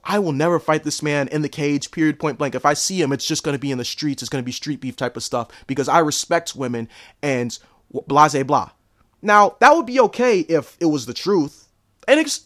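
Animated male podcast co-host, slightly high, lively pitch, emotional and opinionated. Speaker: podcast co-host, combat sports commentator. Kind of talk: opinionated commentary.

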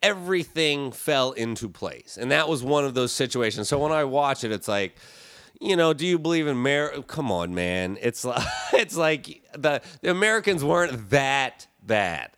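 A man's voice: mid-range voice, lively intonation, moderate pace, few pauses, fairly bright tone, no echo. A man guesting on a podcast, talking loosely and animatedly, often trailing off mid-sentence. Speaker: comedian guest. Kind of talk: casual podcast chat.

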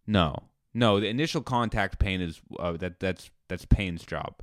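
A man voicing a lazy, dim-witted young male slacker in a comedy bit, giving flat, offhand answers. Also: low voice, measured pace, no echo, studio quality. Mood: offhand, indifferent. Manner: flat, offhand, shrugging replies.

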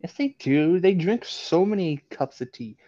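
A man's voice: fairly high pitch, animated, moderate pace, dark tone, no room sound. A man in casual chat, joking and rambling, often repeating his words as he stumbles along. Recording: slightly dull, dry recording.

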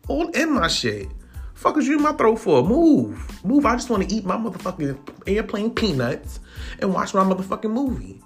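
A man doing an irate squeaky-voiced boxer. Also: big pitch swings, moderate pace, soft background music. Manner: profane, confrontational. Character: impression of a famous boxer, irate, high squeaky voice.

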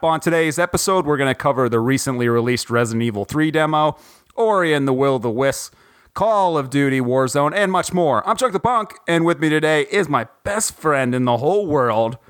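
A male podcast host with a fairly high voice and a very lively, swinging delivery. He jokes, rambles and piles on fillers in casual chat with a friend, talking from his home. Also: fairly quick, smooth. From Ohio, USA. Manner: animated, joking, rambling with lots of fillers. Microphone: recording from home, guest on the phone.

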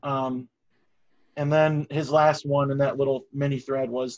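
A man's voice: mid-range voice, level tone, measured pace, a little mellow, highs cut off. A young man co-hosting a casual podcast, crude and mocking. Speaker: podcast co-host.

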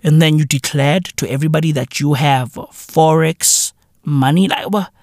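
A South African man hosting a podcast, ranting comically with profanity, repeating himself in loud disbelief. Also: fairly high pitch, normal speed, dry recording, clean studio sound. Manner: loud, incredulous, repeats himself, swears constantly. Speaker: podcast host. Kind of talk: profane comedic rant.

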